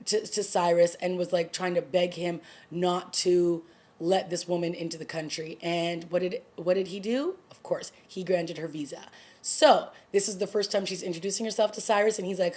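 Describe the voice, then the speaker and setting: Excited woman recapping a TV episode. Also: on the low side. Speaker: TV review vlogger. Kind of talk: casual chat.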